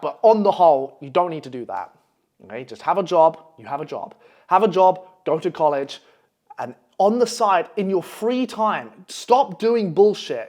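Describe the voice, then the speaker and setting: A brash young man lectures his viewers. His voice sits fairly high, and he swears freely and keeps pressing "okay?" after each point. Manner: profane, brash, repeats "okay?". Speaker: online coach. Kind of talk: blunt motivational monologue.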